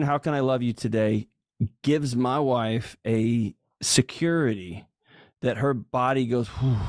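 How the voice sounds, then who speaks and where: A man with a drawl speaks in an easy, storytelling podcast manner at a middle pitch. He jumps into the voices of the people he quotes and leans hard on key lines. The sound is close and dry. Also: no echo. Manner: animated, acts out quoted voices, emphatic. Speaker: guest speaker on relationships. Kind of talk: casual storytelling chat.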